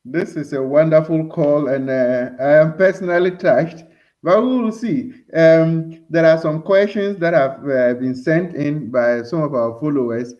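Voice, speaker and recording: Guy hosting a live stream show, calm, lots of uhs, kinda muffled sound. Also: on the high side. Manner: measured, hesitant with fillers. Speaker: show host. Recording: dull lo-fi stream audio.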